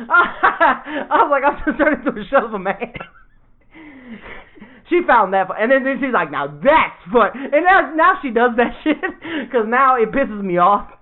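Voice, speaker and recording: A man's voice: very high-pitched, expressive, normal speed. A man in casual podcast banter, joking and swearing a lot and laughing often at his own stories. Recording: phone-like narrow sound.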